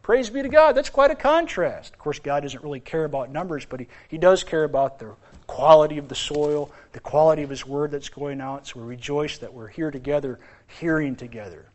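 Male pastor, sermon, church, animated, loud exclamations, soft asides, fairly high voice. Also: a little fast.

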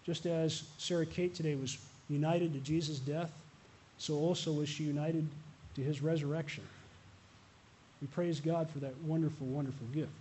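A man's voice: on the high side, steady tone, moderate pace, dark tone, a little hiss or hum. A male pastor preaching a sermon, earnest and repeating a refrain, with light asides to the congregation. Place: church.

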